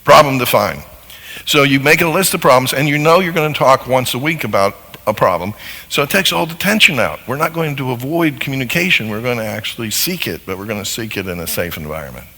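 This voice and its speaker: A man giving a live teaching talk to an audience in a large hall, animated and acting out little dialogues as he explains. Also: medium pitch, a little fast. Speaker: seminar speaker on marriage. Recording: long hall reverb.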